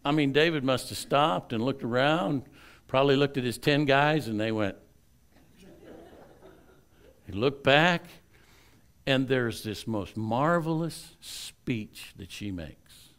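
Animated man preaching a Bible story. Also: medium pitch, a little slow, clean tone. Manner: animated storytelling, swinging from loud to hushed; conversational asides to the congregation. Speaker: pastor. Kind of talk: sermon, retelling a Bible story.

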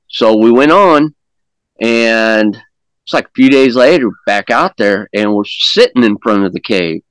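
A man with a medium-pitched, expressive voice speaks at a measured pace with a clean tone, though the recording is rough and has no room sound. As an interview guest recounting an encounter, he tells his story casually in folksy, plain-spoken grammar, rambling and often repeating words.

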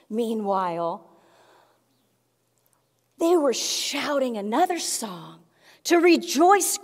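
A woman's voice: high-pitched, big-room sound. A woman in her forties preaching a sermon, emphatic and emotional, often exclaiming. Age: 40s. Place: church sanctuary.

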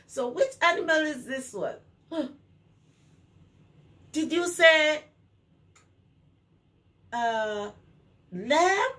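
A woman leads circle time for small children in a bright, higher voice, sing-song and animated. She talks slowly and gasps with delight. The mic sits at a distance and picks up faint background noise. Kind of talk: talking to young children.

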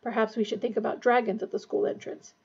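A woman's voice: a little high, steady tone, quick pace, a little mellow, husky, dull audio. A woman voicing a flustered, pompous male minister who blusters and frets. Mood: fretful. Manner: blustering, puffing.

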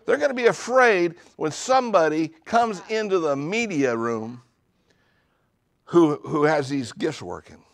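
Gravelly preacher rising to shouts. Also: male voice, lively intonation, a little slow. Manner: swings from low murmurs to loud shouted declarations, humorous asides. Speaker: pastor. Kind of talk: charismatic sermon. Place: church sanctuary.

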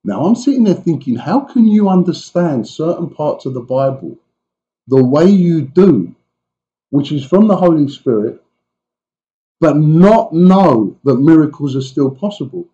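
Mellow-voiced pastor preaching conversationally. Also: male voice, a little high, measured pace, highs cut off. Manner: animated retelling of scripture with asides to the congregation. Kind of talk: conversational sermon. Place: church.

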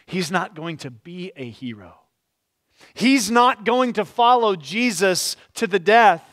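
Male pastor with a high voice, preaching in a storytelling way and sinking quiet and slow at solemn beats. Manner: expressive storytelling, drops to quiet slow tones at solemn moments. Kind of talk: sermon. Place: church.

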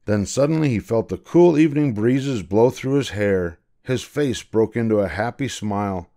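A man's voice: lowish voice, expressive, moderate pace, dark tone. Older man reading a storybook aloud. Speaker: grandfather reading a picture book.

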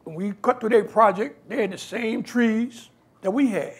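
At a normal speed, a New York man with a high, slightly rough voice delivers a storytelling talk as a guest. He's lively, acting out the voices of the people who feature in his life stories.

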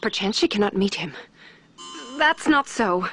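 A woman playing Juliet, an impatient lovestruck teenage girl, pleading and hushed by turns. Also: medium pitch, unhurried, faint music behind. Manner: pleading, swings from hushed to excited.

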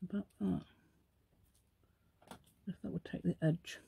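A woman's voice: fairly low pitch, steady tone, measured pace, gravelly, dark tone, breathy edge. A middle-aged woman demonstrating a craft project, rambling and chatting to herself in a playful put-on posh telephone voice. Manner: rambling, chatty, talks to herself while working. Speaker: crafting channel host.

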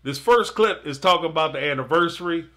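Man, live show host, casual reality-TV commentary, animated, bright tone, a bit higher voice. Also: brisk. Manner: animated, talks to the audience directly, laughs often.

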